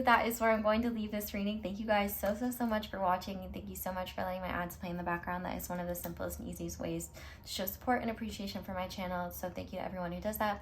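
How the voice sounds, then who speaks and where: A woman's voice: medium pitch, a little hiss or hum. A woman tarot reader speaking straight to her viewers in a pick-a-card reading, reassuring and affirming.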